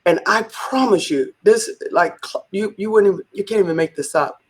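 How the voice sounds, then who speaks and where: A woman guest in a conversational interview, telling a story in an animated way and acting out the quotes. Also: medium pitch, moderate pace, breathy edge. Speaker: business leader, interview guest.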